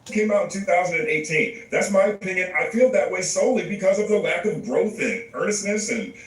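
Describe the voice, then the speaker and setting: A man narrating a video essay in a measured, analytical, scripted way. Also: high-pitched, animated. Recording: echoey playback from a distance.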